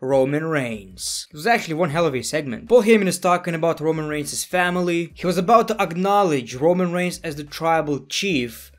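A man recapping a wrestling show in a casual voice-over, excitable and jokey with sarcastic asides. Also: on the high side, fairly quick, hardly any pauses. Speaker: wrestling reviewer. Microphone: voice-over, no camera.

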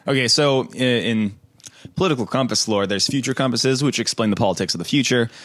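A young man co-hosting a podcast, talking in a deadpan, joking way in casual chat. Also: medium pitch, a little fast, no echo. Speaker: podcast co-host.

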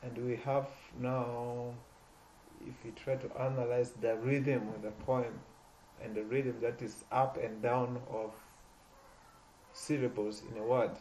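Halting man teaching a poetry lesson. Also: level tone, darkish tone, a little hiss or hum, low-quality recording. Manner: halting, repeats and restarts words, stresses words with rising pitch. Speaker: literature teacher.

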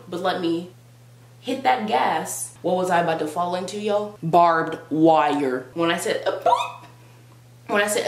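Low-voiced young woman telling a dramatic story. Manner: dramatic, sarcastic, exaggerated storytelling. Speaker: vlogger. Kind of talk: comic storytime monologue. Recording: roomy with faint hum.

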